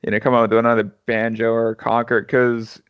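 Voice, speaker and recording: A man's voice: medium pitch, flat delivery, a little fast, clean tone, no room sound. Man rambling casually on a dull lo-fi recording. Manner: rambling, trailing off quietly at the end of phrases. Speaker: podcast co-host. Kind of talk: casual chat.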